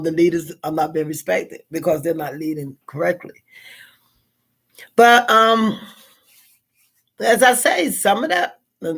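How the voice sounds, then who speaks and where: A woman with a Southern American accent hosting a live stream, talking through a casual reflection in a rambling way, with fillers and repeated words. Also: lowish voice.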